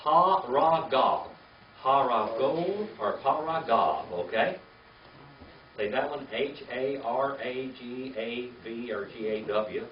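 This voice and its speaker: Slow older male Bible teacher. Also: medium pitch, slight background noise. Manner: slow and patient, spells words out letter by letter. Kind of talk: classroom Hebrew reading lesson. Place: classroom with a small group. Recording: echoey, distant, dull lo-fi room recording.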